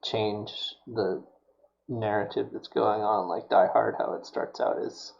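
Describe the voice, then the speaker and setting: A man's voice: fairly low pitch, fairly even intonation, slow pace, gravelly, highs cut off. A man chatting casually while building a prop on a live stream, rambling and full of fillers. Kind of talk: casual chat while working.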